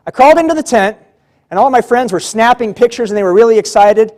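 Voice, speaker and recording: A man's voice: very high-pitched, lively intonation, fast, darkish tone. A man giving a motivational keynote speech at a civic luncheon, telling his story vividly and acting out the dialogue. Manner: vivid, dramatic storytelling that acts out the quotes. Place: large banquet hall.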